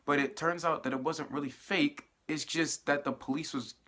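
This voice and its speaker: A young man in his late teens giving a casual, animated, profanity-laced spoiler recap of a TV episode. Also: a little high, moderate pace. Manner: animated, profane storytelling with fillers. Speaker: TV episode reviewer.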